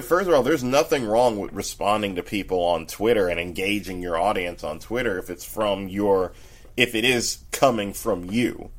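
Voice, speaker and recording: A man's voice: fairly low pitch, fairly bright tone. A man hosting a sports talk show, rambling casually with frequent restarts and talking straight to his listeners. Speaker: podcast host.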